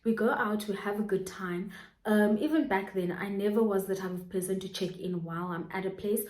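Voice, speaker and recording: A woman's voice: medium pitch, a little fast, darkish tone, reverberant. A South African woman in her twenties telling a personal storytime to her viewers in a chatty way, full of fillers and asides. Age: 20s. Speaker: YouTuber. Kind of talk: storytime vlog.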